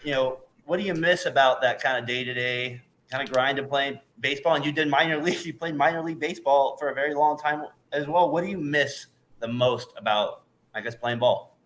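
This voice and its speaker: A man hosts a casual interview, talking quickly in a bright, forceful voice. He is eager and often laughs along with his guest. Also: mid-range voice. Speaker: interview host.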